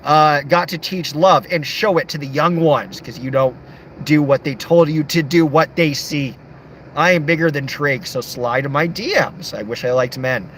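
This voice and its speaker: A man's voice: fairly high pitch, moderate pace, a bit bright, slight background noise. A young man livestreaming late at night, reading chat comments aloud and joking around. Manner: joking, playful, reads comments aloud in shifting voices.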